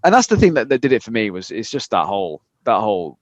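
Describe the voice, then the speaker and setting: A man's voice: lowish voice, sing-song, dry recording. A man co-hosting a fitness podcast, telling frank, sweary stories about his working life. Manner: frank, sweary, quick storytelling. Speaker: podcast co-host, fitness coach. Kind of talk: casual podcast chat. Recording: dry, slightly dull podcast audio.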